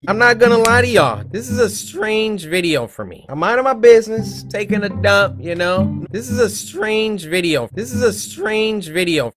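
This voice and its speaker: A man in his twenties doing loud, joking let's play commentary, his voice cracking into high squeaks. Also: lively intonation, unhurried, few pauses. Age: 20s. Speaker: gaming YouTuber. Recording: game music playing under the voice.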